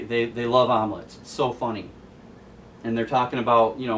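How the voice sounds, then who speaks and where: A man hosting a casual comic book recap, telling the story in a chatty, amused way. His voice is of middle pitch and sits a little back from the mic. Faint noise hangs under the recording. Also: steady tone, a little fast, fairly bright tone, recorded from a distance. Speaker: host.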